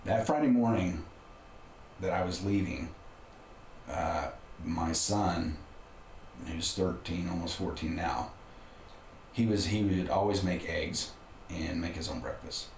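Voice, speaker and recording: Middle-aged man, very low voice, roomy sound, candid storyteller for an interview spot. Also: slow, long pauses, a little mellow. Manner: candid, conversational, frequent restarts. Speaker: podcast guest. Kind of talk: casual personal storytelling. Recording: roomy room with faint background noise.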